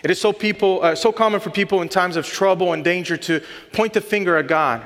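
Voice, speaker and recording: A man's voice: sits high, brisk, a bit bright. A man in his thirties or forties preaching a sermon, earnest and building to emphatic lists. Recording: long hall reverb.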